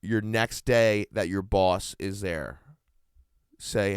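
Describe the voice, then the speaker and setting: A man's voice: lowish voice, takes it slowly, smooth, no echo, studio quality. A young man co-hosting a podcast, chatting casually, riffing on jokes and slipping into put-on character voices. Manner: jokey, riffs in put-on character voices, swears freely. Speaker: podcast co-host. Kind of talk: casual comedic chat.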